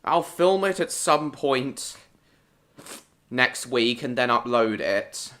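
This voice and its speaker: This is a British man hosting a weekly live stream, chatting with the people watching. He speaks at a leisurely, unhurried pace in a mid-range voice. He greets viewers by name and answers their comments in short, broken phrases. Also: medium pitch, expressive, fairly bright tone.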